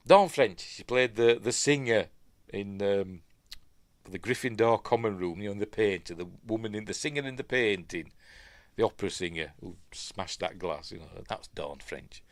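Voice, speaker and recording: A man's voice: on the low side, normal speed, no room sound. A man with a Yorkshire accent hosting a casual, rambling film breakdown, often stopping to correct himself. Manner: rambling, self-correcting, chatty with fillers. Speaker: film reviewer host.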